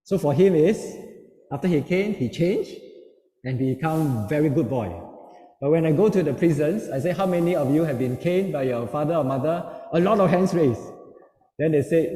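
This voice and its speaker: Brief: middle-aged male speaker, darkish mellow tone, a bit higher-pitched, lively storyteller who acts out quotes, heard in a reverberant hall. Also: moderate pace. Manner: storytelling, acting out quoted voices. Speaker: seminar speaker. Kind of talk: parenting seminar talk. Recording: echoey hall with long reverb.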